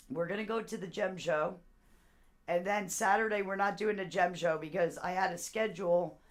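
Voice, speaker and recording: Rambling woman chatting on a live stream. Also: fairly low pitch. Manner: rambling, laughs often. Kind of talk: casual live stream chat with viewers.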